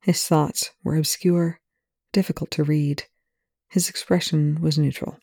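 A narrator reading fan fiction aloud with a slight lisp, measured and even. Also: mid-range voice, creaky, dry recording, studio quality.

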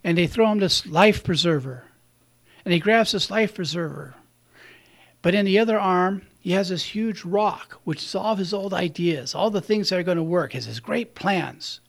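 A man's voice: high voice, normal speed, vocal fry. A man giving a conversational sermon, telling stories and laughing at his own slips. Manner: conversational, warm storytelling, chuckles at himself. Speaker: preacher.

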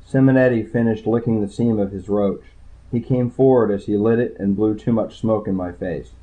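A man narrating a hardboiled crime story in the first person, with a dry, low-key delivery. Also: steady tone, normal speed. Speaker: audiobook narrator. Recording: tinny phone-like sound.

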